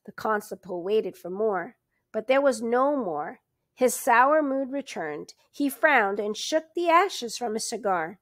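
Woman narrator reading a novel aloud, unhurried and expressive, lively pitch, dry close sound. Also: no echo. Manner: slow, expressive storytelling. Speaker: storybook reader.

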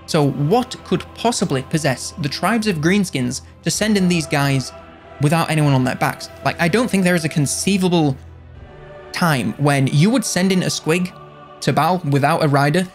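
Guy rambling about a video game, jokey, fixes his own words, voice on the higher side. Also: normal speed, faint music behind. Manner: rambling, jokey, self-correcting. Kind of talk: casual commentary.

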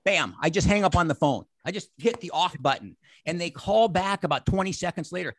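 An animated man in his sixties talks to a group over a video call. His voice sits a touch high with a gravelly edge. The sound is close and dry, with no room around it. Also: a little fast, hardly any pauses, dry recording. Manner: animated, acts out quoted exchanges. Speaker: motivational speaker. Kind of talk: energetic motivational talk.

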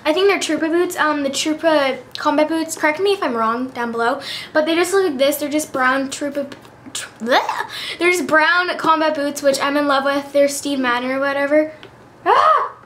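A teenage girl vlogs from her bedroom in a high, bubbly voice, rattling on with lots of "like" and "um." Faint hiss sits under the camera mic recording. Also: fairly even intonation, normal speed, fairly bright tone. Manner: bubbly, chatty, lots of fillers. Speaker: beauty vlogger. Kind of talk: casual chat.

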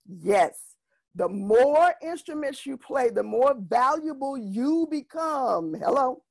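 A middle-aged woman, a vocal music educator, giving a workshop talk and telling anecdotes in an animated way, acting out the voices of students and parents. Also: a little high, slow, creaky, dry recording.

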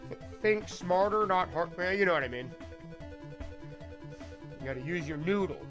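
A man with a fairly high voice plays old console games on stream, tossing out jokes and talking to his chat as he goes. Game music plays clearly under his voice. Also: lively intonation, rough recording. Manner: joking, talks to chat, quick asides. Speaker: streamer playing retro games. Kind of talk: casual gameplay commentary.

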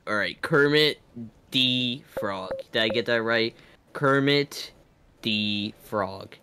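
A man playing a bartender in an improvised bit on a game stream, pushing his voice lower and drawling. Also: takes it slowly, sharp tone, slight background noise. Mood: gruff. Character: gruff adult male bartender.

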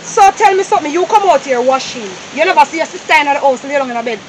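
A woman's voice: high voice, animated, quick pace, a little hiss or hum, low-quality recording. A woman with a Jamaican accent playing a stern mother who scolds and lectures her daughter. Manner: firm, scolding, then coaxing.

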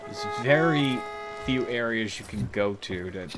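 A man's voice: on the low side, lively intonation, a little slow, a bit bright, soft background music. A young man streaming a game, chatting casually with lots of swearing and laughter. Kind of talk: casual gaming chat. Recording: game sounds in the background.

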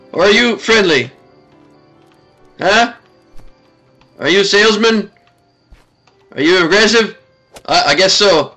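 Excitable high-pitched man playing a game. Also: measured pace, long pauses, faint music behind. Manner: excitable, talks to the game, frequent laughs and exclamations. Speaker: gaming video host. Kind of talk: let's play commentary.

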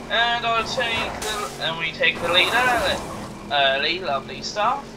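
A man's voice: high voice, lively intonation, slow pace, far from the mic, loud music behind the voice, poor audio. A man hosting a let's play, rambling and stumbling over words while he races, with a cough. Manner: rambling, stammers and repeats. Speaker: gaming channel host.

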